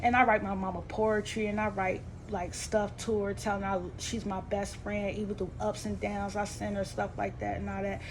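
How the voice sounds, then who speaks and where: A woman telling a painful family story to her vlog audience. She speaks in a rambling, colloquial, heartfelt way, her voice rising and tightening when upset and falling soft and low when sad. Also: flat delivery, normal speed, few pauses, noisy background. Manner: rambling and heartfelt, with many restarts and fillers; colloquial, with informal grammar. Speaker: vlogger. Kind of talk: emotional personal storytelling to camera.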